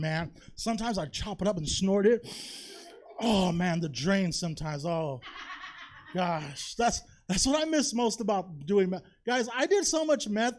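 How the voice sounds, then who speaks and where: His voice is high but darkish in tone. He's on a comedy theater stage doing a confessional, chatty stand-up set, forever throwing in "you know?" and "right?"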